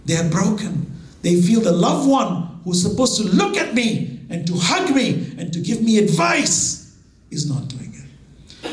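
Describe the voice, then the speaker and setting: A man giving an impassioned sermon as a religious lecturer, reciting Arabic verses between English and dropping to soft, drawn-out emphasis. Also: sits high. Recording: echoey hall.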